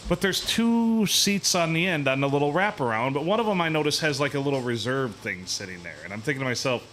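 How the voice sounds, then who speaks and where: A man, hosting a podcast, telling a profane, animated story in a casual, ranting way. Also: fairly high pitch, slight background noise. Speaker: podcast host.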